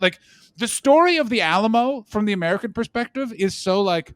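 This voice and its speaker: A man's voice: high voice, fairly quick, no echo. Dry-sounding man rambling through comic stories. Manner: animated rambling storytelling with swearing and quoted voices. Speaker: podcast co-host. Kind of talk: casual comedic chat.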